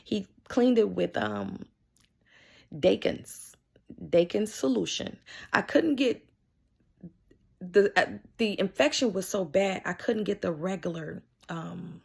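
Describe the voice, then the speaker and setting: A woman's voice: mid-range voice, takes it slowly, gravelly, long pauses, breathy edge. A woman vlogger telling an emotional personal story, often repeating herself and restarting lines as she recounts what happened.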